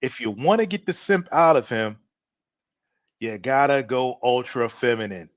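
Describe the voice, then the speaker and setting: A man's voice: mid-range voice, animated, unhurried, no room sound. A man hosting an opinion show, talking loosely and with swagger straight to his listeners. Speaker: podcast host. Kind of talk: casual opinion talk. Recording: dry, dull lo-fi home mic.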